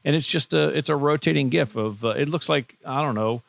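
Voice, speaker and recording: A man co-hosting a podcast in casual chat, laid-back and agreeable, often chiming in with quick yeahs. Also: on the high side, gravelly, fairly bright tone, no room sound. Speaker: podcast co-host.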